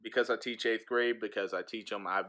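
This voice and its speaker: A man's voice: lowish voice, steady tone, brisk, a bit bright. A man who teaches eighth grade, chatting frankly and telling stories in a casual vlog into a handheld phone.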